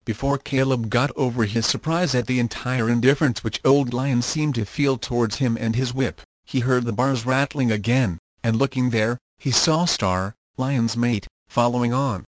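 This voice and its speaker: Male narrator for an old children's story, mid-pitched, measured reading, dry close sound. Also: dry recording.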